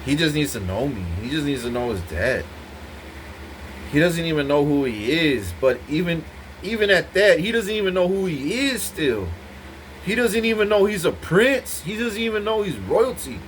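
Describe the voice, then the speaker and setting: A man's voice: fairly high pitch, big pitch swings, normal speed, slight background noise. A man giving an intense, profane, rambling monologue to the camera, repeating himself as he goes. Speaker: vlogger speaking to camera.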